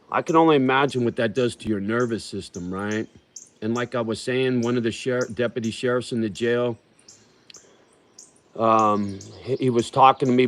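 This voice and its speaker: A man hosting a livestream, chatting casually with viewers in a profane, rambling and heartfelt way. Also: lowish voice. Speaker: livestream host.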